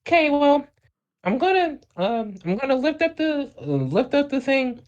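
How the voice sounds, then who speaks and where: A man voicing a tall, slim male doctor in his forties with an oddly high-pitched voice and a polite bedside manner. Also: sing-song, moderate pace, a little mellow, lo-fi sound.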